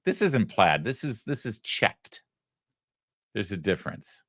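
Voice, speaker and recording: A man's voice: on the low side, animated, fairly bright tone, no echo, studio quality. A middle-aged man from Michigan hosting a political talk show, delivering an emphatic, sarcastic monologue. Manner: sarcastic, emphatic, quick asides.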